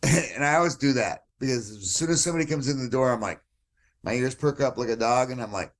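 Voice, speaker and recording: A man's voice: medium pitch, brisk. A man guesting on a podcast, telling a brawl story with lots of swearing and acted-out quotes. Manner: animated, swears often, acts out quoted voices. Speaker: podcast guest, jiu-jitsu black belt. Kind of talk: casual storytelling chat.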